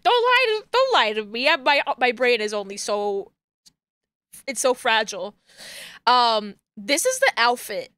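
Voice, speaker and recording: Excitable, ranting young woman streamer. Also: on the high side, a little slow, dry recording, studio quality. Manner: excitable ranting, laughing, bursts of shouting. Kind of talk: casual game-stream chat.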